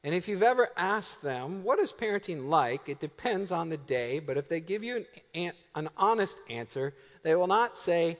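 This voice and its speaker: Animated pastor in a reverberant hall. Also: male voice, a little high. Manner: animated, joking, laughs often, builds to emphatic slow phrases. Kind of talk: sermon. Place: church sanctuary.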